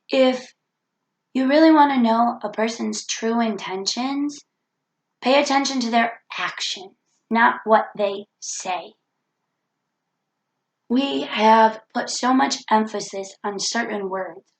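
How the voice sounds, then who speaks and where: A woman's voice: fairly high pitch, creaky, echoey room, poor audio. A woman with a cold talking earnestly into the camera in a reflective self-help vlog, repeating her key points. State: has a cold. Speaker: vlogger.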